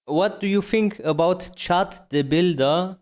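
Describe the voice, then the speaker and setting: Streamer guy reacting, slangy and amused, slow talker with a bouncy higher voice. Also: darkish tone. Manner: casual, laughing, slangy, talks to chat. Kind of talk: live stream reaction chat.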